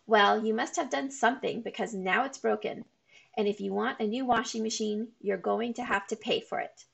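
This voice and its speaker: A woman reading a children's novel aloud, voicing a gruff, stingy middle-aged man who barks insults when he is annoyed. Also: medium pitch, animated, unhurried. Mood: angry, barking.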